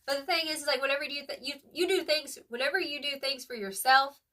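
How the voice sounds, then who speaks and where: Young female tarot reader, high and bright, slangy and emphatic, mic set a bit far off. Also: steady tone, fast talker, a little hiss or hum. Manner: chatty, emphatic, lots of "like" and "period"; slangy, affectionate, calls the viewer "boo-boo". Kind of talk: casual tarot reading to camera.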